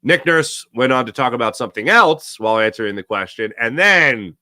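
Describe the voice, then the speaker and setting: A man's voice: mid-range voice, expressive, brisk, pushed and bright, no echo. A man hosting a sports talk show, rambling in a casual monologue and laughing often.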